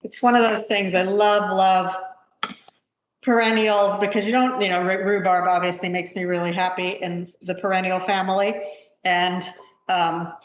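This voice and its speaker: A woman's voice: medium pitch, level tone, normal speed, a little hiss or hum. Chatty woman teaching a cooking class. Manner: chatty, thinks aloud with many fillers. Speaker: cooking instructor. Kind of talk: live cooking demonstration. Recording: roomy, dull lo-fi livestream audio.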